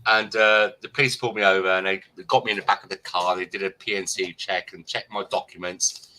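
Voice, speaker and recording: Bright-voiced English man telling stories. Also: low-pitched, fast talker, low-quality recording. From England. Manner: animated storytelling with laughs. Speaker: livestream co-host. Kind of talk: casual chat.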